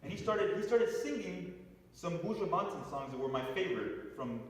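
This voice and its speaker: A middle-aged man speaking at a spiritual center, telling a personal story to an audience in an animated way with frequent restarts. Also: sits high, moderate pace. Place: large hall with long reverb. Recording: echoey hall, voice from far off.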